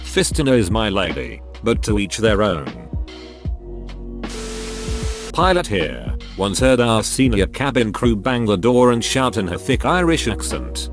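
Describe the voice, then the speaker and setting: A man's voice: lowish voice, sing-song, measured pace, over music. A man reading out online posts in a casual narration, adding wry joking comments between them. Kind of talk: casual narration with jokey asides.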